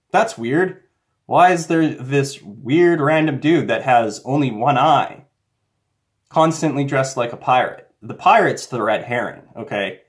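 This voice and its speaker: A man talking casually to the camera and retelling a film in a rambling, conspiratorial way, with many fillers. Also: mid-range voice. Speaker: commentator. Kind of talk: casual monologue.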